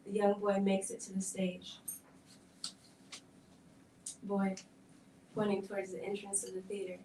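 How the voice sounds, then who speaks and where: At a film event, a woman with a medium-pitched voice reads a script in a measured, dramatic way. Her delivery stays flat and level the whole time. The distant mic catches her in an echoey hall with faint background noise.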